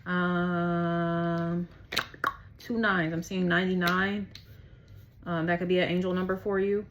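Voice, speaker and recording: A woman's voice: fairly low pitch, flat delivery, slow pace, lo-fi sound, noisy background. A woman giving a casual tarot reading, chatty, slangy and profane, laughing often. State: out of breath. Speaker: tarot reader.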